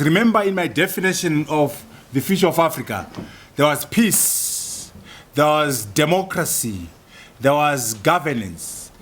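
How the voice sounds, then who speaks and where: A man from Zimbabwe, giving a university public lecture in an emphatic style, stacking up points in rhythmic lists and repetitions. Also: fairly high pitch. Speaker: guest lecturer. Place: lecture hall.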